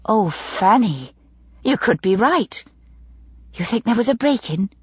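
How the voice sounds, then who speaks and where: Brief: woman reading as a genteel young lady, eager, hushed, husky tone, dull dry recording. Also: on the high side, lively intonation, measured pace, dry recording, voice pushed up, full character voice. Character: genteel young woman posing as a maid, curious.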